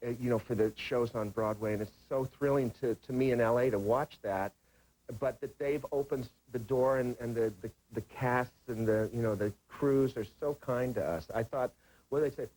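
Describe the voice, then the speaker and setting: A man's voice: medium pitch, normal speed, a little mellow, rough recording. Enthusiastic man actor telling anecdotes. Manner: rambling anecdotes with filler and restarts, enthusiastic. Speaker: talk show guest, actor. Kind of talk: casual chat. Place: television studio. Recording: old broadcast recording.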